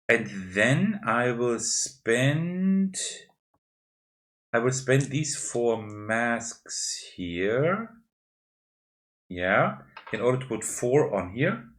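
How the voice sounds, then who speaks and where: A man hosting a board game channel, talking through a solo tabletop playthrough and explaining each move step by step as he handles the pieces. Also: mid-range voice.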